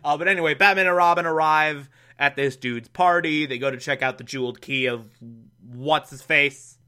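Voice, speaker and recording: A young man casually recapping an old show with sarcastic asides, laughing often and dropping into quick mock voices. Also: on the high side, sharp tone, clean tone. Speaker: podcast host recapping a show.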